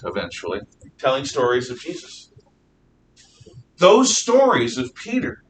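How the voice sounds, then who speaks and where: A man teaching a class, retelling Bible stories in a lively, animated way and acting out the dialogue. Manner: animated, acts out dialogue with shifting voices. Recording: distant mic with faint rumble.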